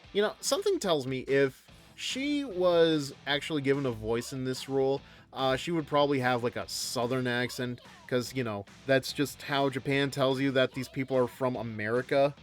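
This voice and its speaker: A man's voice: medium pitch, normal speed, hardly any pauses, faint music behind. A man streaming a visual novel, reading the dialogue aloud and making rambling, jokey asides. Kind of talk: reading game text aloud and commenting.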